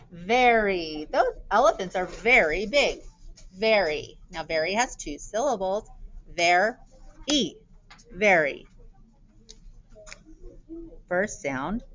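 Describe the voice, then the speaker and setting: A woman teaching a spelling lesson to young children, sounding out letters and words slowly and clearly. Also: lowish voice, fairly bright tone, slight background noise. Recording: dull lo-fi recording.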